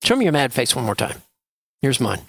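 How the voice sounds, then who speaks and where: A man's voice: medium pitch, sing-song, fairly quick, creaky, fairly bright tone, slightly rough, no room sound. A man leading a children's story time in church, asking the children playful questions. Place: church sanctuary.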